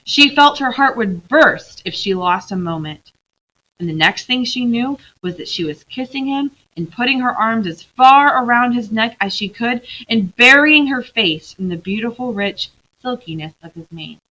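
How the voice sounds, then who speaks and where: A woman teacher reads a story aloud to her class with a bright, lively voice that rises and falls a lot. She stops now and then to question the students. The sound is dull and lo-fi. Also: a little high, moderate pace. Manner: expressive, stops to quiz students. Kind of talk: reading a novel aloud to a class.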